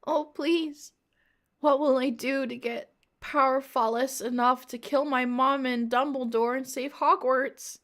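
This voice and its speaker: A woman voicing a weepy, dramatic teenage heroine in a high, pleading voice as she reads a story aloud. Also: fairly even intonation, measured pace, fairly bright tone.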